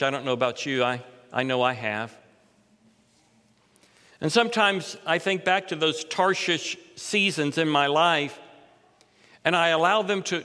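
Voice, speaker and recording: A middle-aged man delivers an expository sermon from the pulpit. His voice sits high and bright, and it climbs and swells when he stresses a line. Long reverb from the sanctuary trails each phrase. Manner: expository preaching, rising in pitch and force for emphasis. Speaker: pastor.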